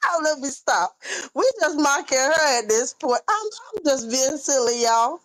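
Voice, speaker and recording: A woman hosting a casual gossip livestream, teasing loudly and laughing often. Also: high-pitched, lively intonation, unhurried, slight background noise. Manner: loud teasing banter with frequent laughter. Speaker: livestream co-host.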